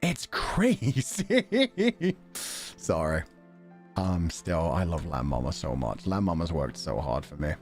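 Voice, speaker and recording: A man casually chatting on a livestream, excitable, laughing often and swearing now and then. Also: a bass voice, measured pace, faint music behind. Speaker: streamer.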